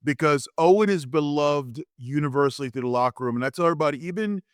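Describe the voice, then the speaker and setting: Man, 50s, animated storyteller, restarts a lot, smooth resonant voice, dry close sound. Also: a little high, fast talker, no room sound. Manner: lively anecdotes, acts out quotes, frequent restarts. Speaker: interview guest, former wrestler. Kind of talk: animated storytelling in a podcast interview.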